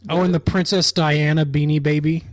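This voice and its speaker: A man's voice: on the high side, level tone, brisk, dry recording, studio quality. A man co-hosting a casual podcast chat, teasing the others and swearing freely. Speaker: podcast co-host.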